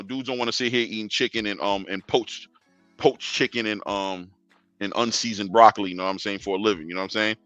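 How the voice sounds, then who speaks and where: A man's voice: lowish voice, a bit bright, no room sound, dull audio. A young man hosting a boxing talk stream in casual street slang, lecturing fighters directly and chuckling. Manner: slangy, talks straight to fighters, chuckling asides. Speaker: boxing show host.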